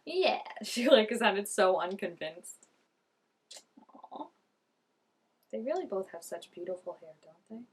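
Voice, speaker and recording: Young female reaction vlogger, mid-pitched, talkative, excitable, heavy on "like", quick to laugh. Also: husky. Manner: gushing, chatty, laughs often, many "like" fillers. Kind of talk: casual reaction commentary.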